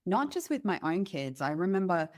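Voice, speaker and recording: A woman hosting a podcast, telling stories in a lively, conversational way. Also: fairly low pitch, normal speed. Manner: lively storyteller. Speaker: podcast host.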